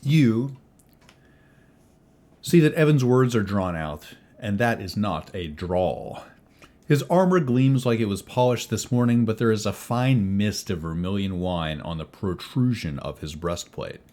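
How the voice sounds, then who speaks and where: A man narrating a tabletop role-playing game as game master, theatrical and animated. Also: on the low side, unhurried.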